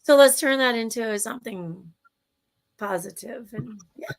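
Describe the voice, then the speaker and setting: Speaking a little slowly in a fairly high pitch, this Minnesotan-accented woman is a co-host on a livestream show. Her talk over the video call is casual, enthusiastic, and rambling, full of restarts.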